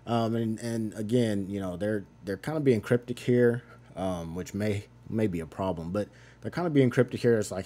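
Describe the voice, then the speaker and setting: A man's voice: fairly low pitch, moderate pace, warm tone. A man giving a casual, rambling page-by-page comic book recap, loosely paraphrasing the characters in an offhand tone.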